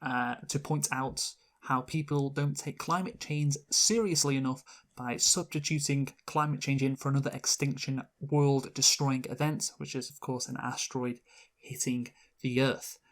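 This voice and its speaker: A man's voice: medium pitch, steady tone, normal speed. A man co-hosting a movie review podcast in casual chat, hesitant and wry, often restarting his sentences.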